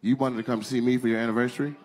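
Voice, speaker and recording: A man's voice: mid-range voice, level tone, very fast, slight background noise. A male stand-up comedian doing crowd work, teasing and roasting the front row in a profane style. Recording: live stand-up show with loud crowd laughter.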